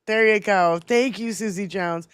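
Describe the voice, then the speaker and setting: A woman's voice: mid-range voice, a little slow, smooth, dry recording, clean studio sound. A woman co-hosting a political livestream in casual chat, swearing freely, laughing often and reading out viewer comments. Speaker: livestream co-host.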